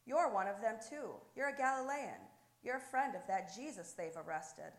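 Woman voicing an accusing man from a crowd, raised and higher, echoey room. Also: lively intonation, normal speed. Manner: loud, accusing.

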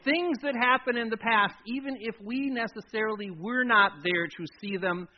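High-voiced pastor preaching dramatically. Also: male voice, moderate pace, a little hiss or hum. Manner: dramatic storytelling, swinging from loud emphasis to near-hush. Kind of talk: sermon. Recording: dull lo-fi recording.

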